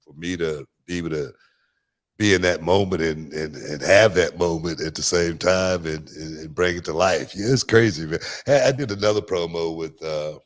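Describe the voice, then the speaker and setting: A man with a low, deep voice hosts a laid-back chat. He tells stories in a rambling way, restarting sentences and leaning on fillers. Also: normal speed. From Houston, Texas. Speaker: podcast host. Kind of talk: casual chat.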